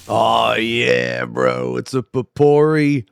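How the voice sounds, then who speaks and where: A man's voice: medium pitch, lively intonation, unhurried, faint music behind. Profane storytelling male streamer. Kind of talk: casual livestream storytelling.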